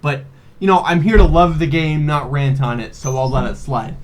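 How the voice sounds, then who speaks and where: A man's voice: fairly high pitch, normal speed. A man in his twenties recapping a video game in a rambling, profane, joking way, full of fillers and laughs. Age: 20s. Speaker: video host. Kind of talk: casual comedic game recap.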